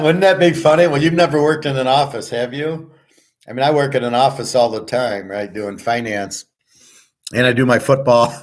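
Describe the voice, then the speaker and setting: Middle-aged guy just rambling, blunt, repeats himself, swears a bit, average pitch. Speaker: channel host. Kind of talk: rambling casual monologue.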